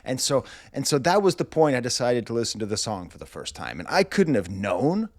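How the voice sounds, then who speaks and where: A man's voice: medium pitch, big pitch swings, fairly quick, dry recording, clean studio sound. A middle-aged man reviewing music, telling a long story in a rambling, wry way full of comic asides, indoors in a rental house.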